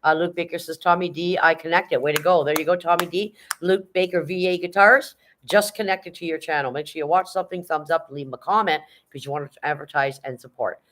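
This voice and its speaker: A middle-aged man hosting a livestream, reading viewers' chat messages aloud and giving upbeat shoutouts. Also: fairly high pitch, fairly even intonation, fairly quick, few pauses. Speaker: livestream host. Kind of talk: casual live-chat shoutouts.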